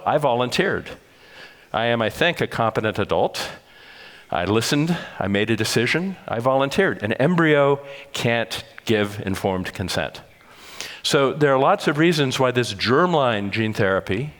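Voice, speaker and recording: An older man giving a measured, explanatory public lecture at a conference, sometimes correcting himself as he goes. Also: medium pitch, lively intonation, fairly bright tone. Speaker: conference speaker. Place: large conference hall. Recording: long reverb of a large hall.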